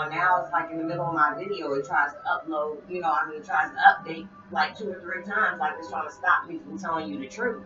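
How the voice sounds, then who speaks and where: A woman's voice: sits low, steady tone, quick pace, hardly any pauses. A woman talking casually to her viewers in a spiritual vlog, rambling and repeating phrases as she addresses them directly. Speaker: spiritual vlogger. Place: at home, listening to music. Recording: roomy, distant, dull sound with music. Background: music playing.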